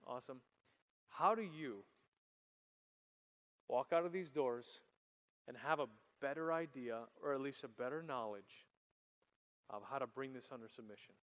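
A man preaching a sermon to young people, animated, swinging from loud emphasis to quiet asides. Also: a little high. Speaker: youth pastor. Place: church hall. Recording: long hall reverb.

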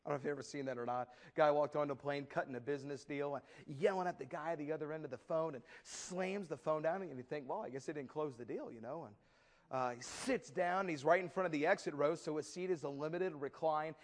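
A man preaching a sermon, dramatic and storytelling, swinging between loud declaiming and soft asides with folksy humor. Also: a little high, fast talker.

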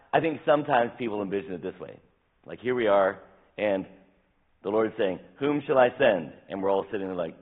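A male pastor preaching a sermon with animated delivery, acting out scripture quotes, his voice tiring. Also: on the low side, phone-quality sound. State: voice tiring, dry throat. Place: church sanctuary.

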